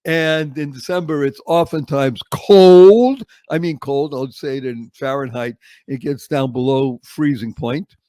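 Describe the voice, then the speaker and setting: A man in his seventies from Boston, telling stories as an interview guest, with dramatic slow-downs. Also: fairly high pitch, dry recording. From Boston, United States. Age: 70s. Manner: expressive, with dramatic slow-downs and acted-out quotes. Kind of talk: animated storytelling interview.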